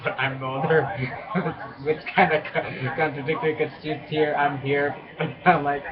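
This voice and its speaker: A man's voice: mid-range voice, highs cut off. Earnest young man rambling to camera. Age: young adult. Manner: earnest and rambling, many restarts, laughs often. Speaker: vlogger. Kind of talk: casual talk to camera.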